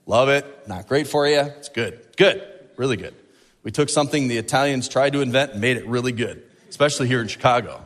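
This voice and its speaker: A male pastor preaching a sermon in an animated way, stretching out key words for emphasis. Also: mid-range voice, a little fast, in a large hall.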